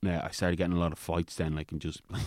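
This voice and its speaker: A deep-voiced Irish man talks quickly through a rambling story, leaning on "like" and dropping swear words as he goes. He recounts it with plenty of animation, his voice close and dry with no room sound around it. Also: no echo. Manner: rambling, frequent swearing and filler "like"; animated retelling with voiced quotes. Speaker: guest. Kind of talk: casual storytelling chat.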